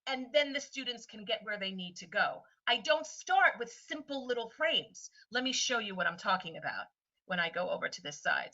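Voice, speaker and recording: Woman teacher, webinar lesson, animated, very bright tone, heard from a distance, muffled lo-fi sound. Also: medium pitch, moderate pace. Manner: animated, acts out voices of students and friends.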